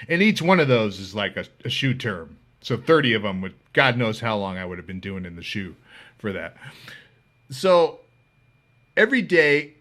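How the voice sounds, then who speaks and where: A man spins a casual story on his podcast, his pitch leaping all over as he acts out other people's lines. His voice is bright and sharp-edged, and he swears freely. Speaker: podcast host.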